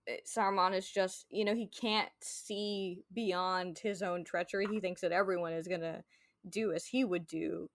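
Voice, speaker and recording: A woman's voice: on the low side, dry recording, clean studio sound. A woman hosting a podcast, chatting casually about a book and reading passages aloud, with many filler words. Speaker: podcast host.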